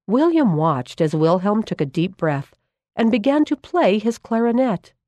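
A woman reading a storybook aloud, calm and measured narration. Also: medium pitch, no echo.

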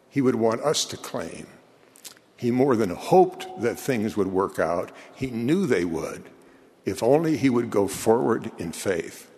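Older male church speaker, lowish voice, measured and earnest, recorded in a reverberant hall. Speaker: church leader giving a eulogy. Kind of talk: sermon.

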